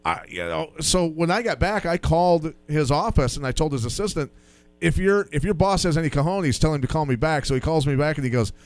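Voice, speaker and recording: A man co-hosting, telling animated stories and acting out what people said. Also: on the high side, a little fast, no echo. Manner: animated storyteller, acts out quotes. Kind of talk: casual storytelling.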